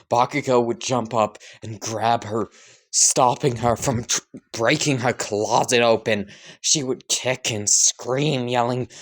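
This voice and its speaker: Laid-back male narrator spinning a fan story, unhurried and rambling. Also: mid-range voice. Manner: slow, rambling, full of fillers and swearing. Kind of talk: casual improvised fan-fiction narration.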